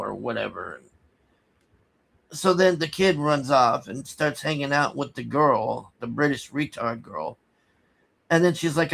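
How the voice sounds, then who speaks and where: A man recaps a movie casually as a reviewer, talking slowly with a rambling, halting delivery full of restarts and fillers. His mid-range voice is gravelly and a bit bright, and he sounds exasperated, sighing as he goes.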